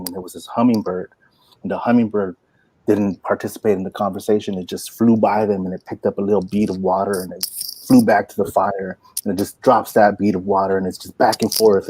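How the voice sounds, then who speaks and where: A man in his forties, a poet and workshop teacher, telling stories in an animated, folksy way full of "like" and "you know". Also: fairly low pitch, a little fast, a little hiss or hum. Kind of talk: inspirational storytelling talk.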